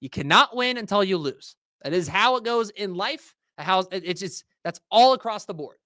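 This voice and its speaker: A man's voice: sits high, animated, normal speed, pushed and bright, dry recording, clean studio sound. A man hosting a livestream, ranting casually and profanely to his chat in slangy talk. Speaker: host. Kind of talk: livestream market rant.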